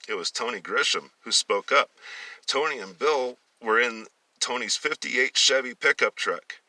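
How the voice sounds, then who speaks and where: A man reading a story aloud with a sharp, forceful tone, often tripping over words and starting phrases again. He sits a little away from the mic in a dry, dead-sounding space. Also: medium pitch, unhurried, no room sound, distant mic, rough recording. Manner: stumbles and restarts, corrects himself. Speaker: story reader.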